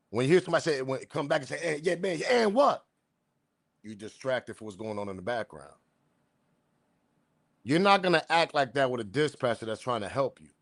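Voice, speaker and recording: A man's voice: medium pitch, no echo, studio quality. Blunt, slangy male commentary host. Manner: animated, blunt slang, talks straight to viewers. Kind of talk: casual commentary.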